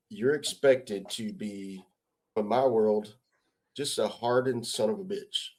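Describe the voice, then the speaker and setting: A man's voice: medium pitch, a little mellow. A middle-aged man from the United States, a retired army sergeant major, talking bluntly and with heavy swearing as a guest in a casual interview, pressing his points with rhetorical questions. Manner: blunt and heavily profane.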